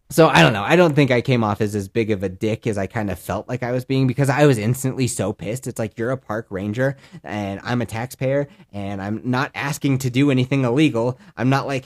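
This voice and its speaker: A man's voice: mid-range voice, a little fast. A man in his thirties from the Colorado mountains, hosting a podcast and telling a rambling, profane story in casual chat. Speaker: podcast host.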